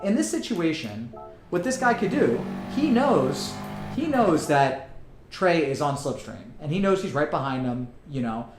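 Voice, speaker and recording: A man's voice: fairly high pitch, big pitch swings, unhurried. A man streaming a racing game, chatting casually to viewers and leaning hard on likes and you-knows. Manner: chatty, talks straight to chat, many likes and you-knows. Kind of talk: casual live-stream commentary. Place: home room with racing rig. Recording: roomy sound over game music and engine noise.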